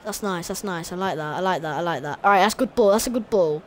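A woman reacting excitedly to a football game she is playing, talking straight at the screen. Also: fairly low pitch, fast, a little hiss or hum. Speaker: gamer. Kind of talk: live gameplay commentary.

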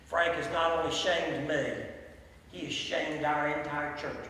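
A male pastor preaching from the pulpit, telling a story as he builds to loud swells and then sinks back down. His fairly high voice rings through a large church sanctuary and is picked up from well off the mic, with a faint hum of ambience behind it. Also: steady tone, measured pace. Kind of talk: sermon. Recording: echoey hall from far off, faint ambience.

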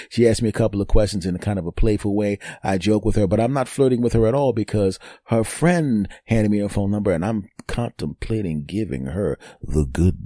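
A man's voice: lowish voice, dark tone, no echo, studio quality. A man around fifty telling a story on his podcast, boastful and joking, sometimes mimicking other people's voices. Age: 50s. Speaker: podcast host. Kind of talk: storytelling monologue.

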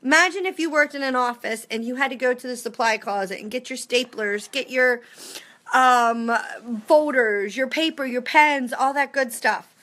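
Upbeat high-voiced woman coaching her team. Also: normal speed, a bit bright. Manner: upbeat and chatty, tags points with "okay?" and "right?". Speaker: direct sales team director. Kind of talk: casual motivational vlog to her team. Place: home with family nearby.

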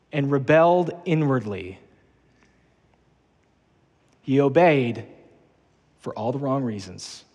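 Earnest preacher man in an echoing hall. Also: a little high. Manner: earnest, emphatic, repeats key phrases. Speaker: pastor. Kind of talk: sermon.

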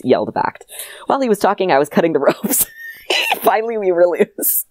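A woman co-hosting a comedy podcast, reading her old childhood story aloud in a dry deadpan and breaking into laughter. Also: lowish voice, a little fast, dry recording.

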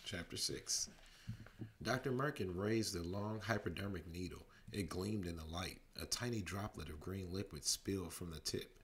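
A father reads a children's storybook aloud at bedtime in a deep, low voice. His narration is steady, and he slips into character voices along the way. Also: normal speed. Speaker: dad reading a bedtime story.

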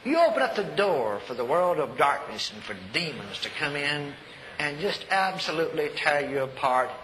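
Animated older man preaching a sermon. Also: fairly high pitch, moderate pace. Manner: folksy, emphatic, laughing storyteller. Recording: echoey hall recording with faint noise.

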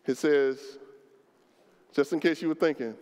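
High-voiced pastor preaching in a reverberant hall. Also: male voice, steady tone. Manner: impassioned preaching, swings from shouting to low and slow; colloquial, acts out prayers in first person. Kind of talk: sermon. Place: church sanctuary. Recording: long reverb of a church hall.

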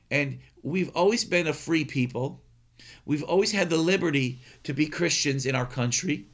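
Gravelly, earnest preacher man. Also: a little high, fairly bright tone. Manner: earnest, emphatic, repeats words as he thinks. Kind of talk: sermon.

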